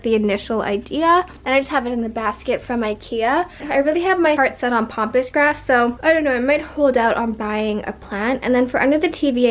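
A young woman in her twenties, rambling chattily with lots of "like" as she shows off her bedroom makeover in a casual home vlog. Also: on the high side. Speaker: vlogger.

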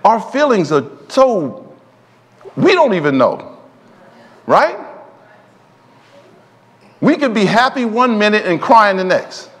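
Animated preacher man in echoing church. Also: sits high, takes it slowly, pauses often. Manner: call-and-response preaching, often asking the congregation for an amen. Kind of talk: sermon. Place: church sanctuary. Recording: long hall reverb in a church.

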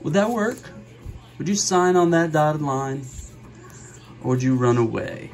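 A middle-aged man hosting a card-opening video, chatting casually and joking, with sudden gasps and bursts of excitement. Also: fairly high pitch, measured pace, vocal fry, rough recording. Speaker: card-opening channel host. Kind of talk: casual pack-opening commentary.

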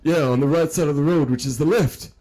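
A man's voice: fairly high pitch, a little fast, mellow, close to an everyday voice. A man playing a confused, forgetful elderly man who stammers and repeats himself during a role-played traffic stop. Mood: confused, muddled. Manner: hesitant and repetitive, stammering. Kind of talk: role-play driving stop.

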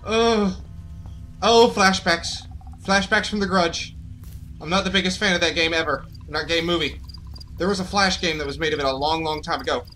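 High, bright, panicky gaming guy. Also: normal speed, a little hiss or hum. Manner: jittery, panicky, talks to viewers. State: frightened. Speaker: gaming channel host. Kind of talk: horror let's play commentary.

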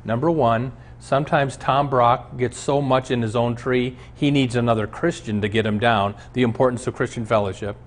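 A man's voice: medium pitch, fairly even intonation, moderate pace, hardly any pauses. Earnest man preaching a Bible lesson. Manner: earnest storytelling, emphatic. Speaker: pastor. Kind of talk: teaching sermon on a Bible show.

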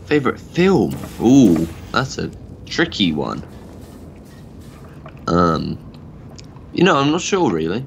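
A man's voice: on the low side, wildly swooping pitch, slow pace, vocal fry, pauses often, a little hiss or hum. A man from Australia chatting casually as a co-op gaming partner, dry and teasing. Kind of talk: casual gameplay chat.

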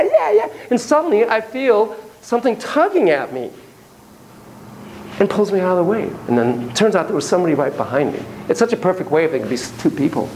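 A man giving a university lecture on psychotherapy, animated and profane, telling stories and acting out voices and sound effects. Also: sits high, slight background noise, poor audio. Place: lecture room.

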